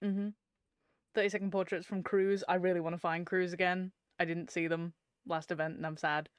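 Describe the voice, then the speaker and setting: A woman from England co-hosting a podcast, chatty and relaxed, laughing often. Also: on the low side, fairly quick, smooth, dry recording, clean studio sound. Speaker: podcast co-host. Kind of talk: casual chat.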